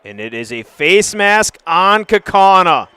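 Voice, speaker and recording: A man calls a high school football game play by play from the stadium, chatty between snaps and surging to shouts when a big play breaks. His voice sits high and rings bright. It comes through smooth and clean. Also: very animated, measured pace, no echo, some chatter behind. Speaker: play-by-play announcer.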